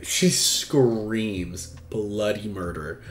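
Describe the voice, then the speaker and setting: Frank and casual, this advice stream host peppers his talk with swearing and fillers. He has a fairly low pitch, speaks a little slowly, and his voice sounds reverberant.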